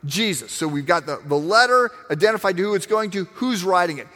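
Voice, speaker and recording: A man preaching a sermon, teaching in an animated, emphatic way with frequent restarts. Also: high-pitched, a little fast. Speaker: pastor. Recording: long hall reverb.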